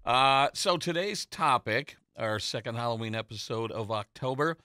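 A man's voice: medium pitch, lively intonation, moderate pace, pushed and bright, smooth, no echo. A man hosting a casual studio talk show, telling stories in a rambling, nostalgic way with plenty of fillers. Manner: chatty, nostalgic storyteller with many fillers. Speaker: host. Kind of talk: casual chat. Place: local TV studio. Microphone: studio microphone.

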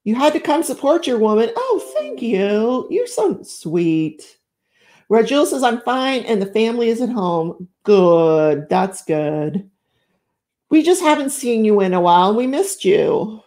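A woman's voice: fairly high pitch, very animated, measured pace, warm tone. A middle-aged woman hosting a live stream, chatting casually and effusively while she crafts, greeting viewers with lots of exclamations. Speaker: livestream host.

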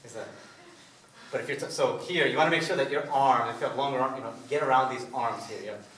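A man teaching a salsa class, counting steps out loud and talking through each move in a loose, easygoing way. He is picked up from far off by a camera, with a big echo filling the studio. A faint hum of the room sits behind him. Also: mid-range voice, quick pace. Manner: counts steps aloud while demonstrating, loose and casual. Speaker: salsa dance instructor. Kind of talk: counting beats and explaining moves in a class. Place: dance studio, indoors. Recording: echoey studio from a distant camera.

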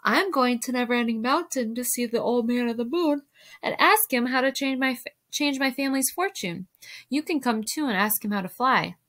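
A woman's voice: on the high side, a little fast, a bit bright, voice pushed up, lightly acted. A woman reading aloud as a curious, brave young village girl, her questions eager and earnest.

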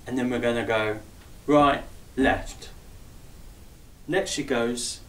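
A man's voice: mid-range voice, steady tone, slow pace. A man teaching a dance routine in a chatty, upbeat, jokey way, calling out the steps and counting the beats aloud. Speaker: dance instructor. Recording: roomy echo, voice far from mic.

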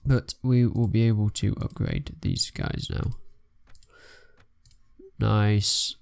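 Young gamer guy, lowish voice with some fry, rambly excitable commentary, keyboard clicking. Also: slow. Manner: chatty, self-narrating, excitable bursts. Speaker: let's play gamer. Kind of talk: casual gameplay commentary.

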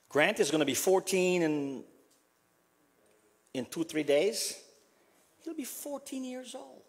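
A man from South America preaching a funeral sermon as pastor, repeating a refrain softly and building to emphatic passages. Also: breathy edge. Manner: repeats a refrain, dropping to a soft low voice.

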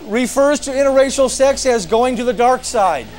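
A man's voice: extremely high pitch, lively intonation, normal speed, background noise. A man hosting a talk show, reading out a comic top-ten list and then introducing a guest, often laughing at his own jokes.

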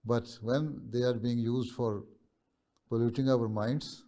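A man as a religious leader answering students' questions over a video call, speaking in a measured, pausing way and often checking in with "right?". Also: medium pitch, fairly even intonation, dark tone.

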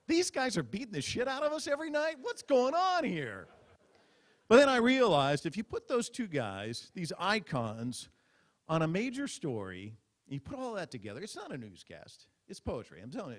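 A man doing stand-up comedy on stage, telling a mock-dramatic story into a stage microphone. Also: fairly high pitch. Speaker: comedian at a press club roast. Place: stage before a live audience.

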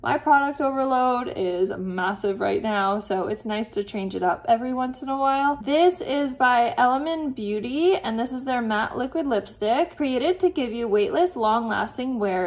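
A woman vlogging a beauty box unboxing, chatting casually and reading product blurbs aloud between her own asides. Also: fairly high pitch. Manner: frequent "like" fillers.

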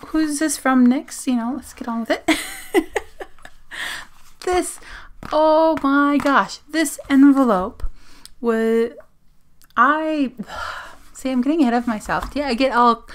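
A woman from Australia chatting casually at her desk as she opens mail on her phone camera, gushing, giggling and sometimes dropping to a whisper. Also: fairly high pitch. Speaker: zine vlogger. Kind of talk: casual unboxing chat. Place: home desk.

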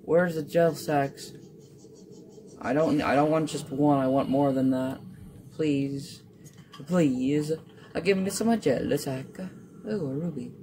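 A gamer in casual gameplay commentary, muttering playfully to themselves and to the game, with sudden excited outbursts. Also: mid-range voice, a little slow, a little hiss or hum. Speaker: gamer playing a survival game.

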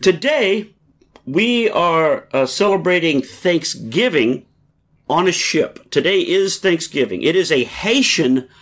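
A man hosting a podcast in casual chat aboard a cruise ship, animated and laughing often, with frequent restarts. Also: a little high, slow pace. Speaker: podcast host.

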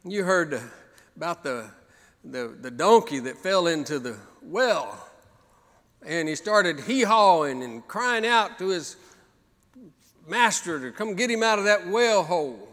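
A man's voice: high voice, lively intonation, unhurried, a bit bright, big-room sound. A man preaching a sermon as pastor, building up to repeated, rising exhortations. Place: church sanctuary.

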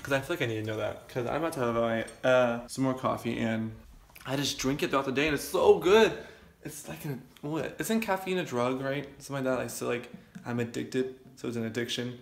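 A man's voice: mid-range voice, brisk, gravelly, echoey room. A young man rambling casually to camera in his home kitchen, chatty and self-deprecating. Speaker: vlogger. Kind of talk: casual vlog chat.

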